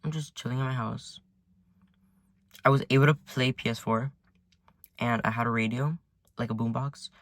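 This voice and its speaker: A man's voice: mid-range voice, fairly even intonation, moderate pace, pauses often, no room sound. A teenage boy telling a casual storytime to his viewers from his parked car, rambling, full of "like" and swearing. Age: teen. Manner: rambling, heavy use of "like", swears often. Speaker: vlogger. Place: sitting in his car at home.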